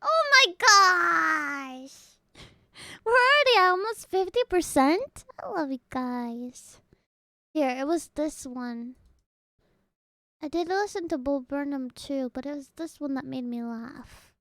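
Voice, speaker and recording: A woman chatting casually with her livestream viewers in an excitable way. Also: high-pitched, slow pace, dry recording, clean studio sound. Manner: excitable, talks to chat. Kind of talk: casual stream chat.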